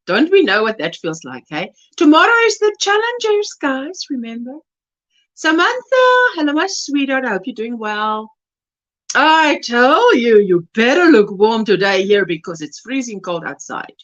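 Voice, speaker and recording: A woman with a high, lively voice hosts a casual crochet livestream from her home. She chats in an affectionate way and greets each viewer by name. The audio is a little dull and lo-fi. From South Africa. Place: at home, indoors.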